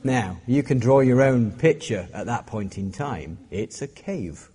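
A man's voice: medium pitch, lively intonation, measured pace, dark tone. A middle-aged man preaching a sermon as a pastor, joking and self-deprecating as he talks. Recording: long hall reverb.

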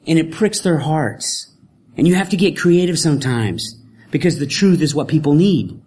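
A man's voice: fairly high pitch, lively intonation, moderate pace, darkish tone, slightly rough. A male preacher giving a conversational sermon with frequent informal asides.

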